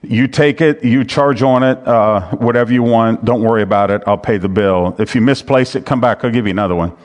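A man's voice: mid-range voice, a little fast, a little mellow. A man preaching a sermon as pastor. He talks in a conversational way, reads scripture aloud and repeats his key phrases. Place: church sanctuary. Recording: long hall reverb.

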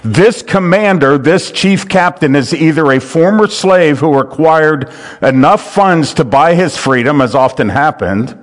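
Bible study teacher, male, a little higher voice, earnest, restarts a lot. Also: animated, measured pace. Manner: earnest, repeats words as he restarts phrases.

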